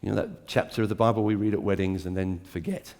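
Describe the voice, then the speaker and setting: A man preaching a sermon to a church, dramatic and swinging between hushed, intimate lines and emphatic climbs. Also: fairly low pitch, fairly even intonation, fast, creaky. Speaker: pastor.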